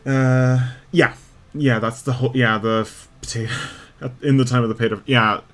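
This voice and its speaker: A man's voice: medium pitch, steady tone, moderate pace. A young Irish man chatting casually and rambling while he plays a game on stream, laughing often. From Ireland. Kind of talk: casual gameplay chat.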